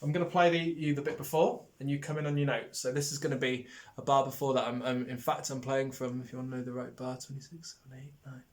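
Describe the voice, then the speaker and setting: A man's voice: mid-range voice, flat delivery, fast, hardly any pauses. A man teaching brass players in a recorded lesson, friendly and hesitant, with many ums, singing rhythms out as "da". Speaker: music teacher.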